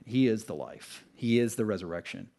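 A man's voice: fairly low pitch, moderate pace, creaky. Man preaching in a casual, chatty way. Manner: conversational, animated retelling with asides and laughs. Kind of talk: casual sermon. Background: live audience.

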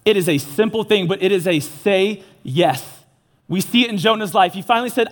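A man's voice: high voice, normal speed. A young man giving an earnest, casual sermon, mixing slang into his preaching. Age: young adult.

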